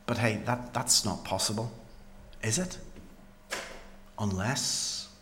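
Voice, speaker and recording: A man's voice: lowish voice, pushed and bright, a little hiss or hum. A man telling the story as an awed paralysed man. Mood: tense. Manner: slow, earnest storytelling with dramatic pauses. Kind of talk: dramatic first-person Bible monologue.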